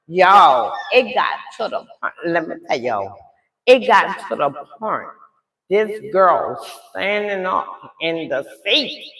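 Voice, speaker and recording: A middle-aged woman telling a story live in a casual way, animated and talking straight to her audience. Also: on the low side, slow pace, roomy sound, low-quality recording.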